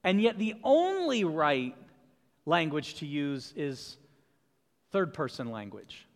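High-voiced preacher in a reverberant church. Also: male voice, huge pitch swings, unhurried. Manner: emphatic preaching with repeated refrains. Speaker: pastor. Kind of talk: sermon. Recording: long hall reverb.

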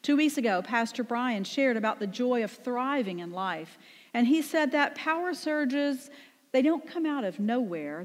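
A woman pastor delivering a conversational sermon, often asking the congregation rhetorical questions. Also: a little high. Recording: long reverb in a large room.

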